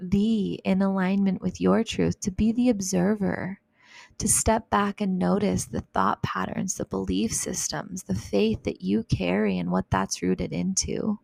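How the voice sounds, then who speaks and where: Gravelly-voiced woman podcast host. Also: medium pitch, steady tone, unhurried, no echo. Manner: gentle, reflective, casual with fillers like "like" and "you know". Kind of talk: solo self-help podcast talk.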